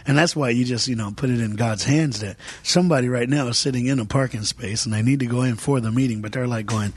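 A man as a guest preacher in an interview, talking fervently with many fillers and repeats, sometimes dropping to a soft near-whisper. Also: medium pitch, fast talker, hardly any pauses, breathy edge, no echo. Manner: filler-heavy, repeats words.

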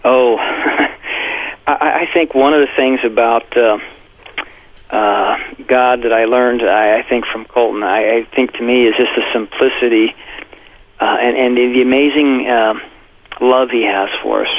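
A pastor and author speaks unhurriedly in a mid-range voice, with slight background noise, while telling an interviewer a personal story. He gets animated and performs quotes loudly, and the broadcast audio is tinny and phone-like.

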